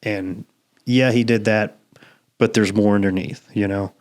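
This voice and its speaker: A man's voice: on the low side, steady tone, unhurried, a little mellow. A man hosting a podcast, telling a story in casual, profane chat and laughing often. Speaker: podcast host.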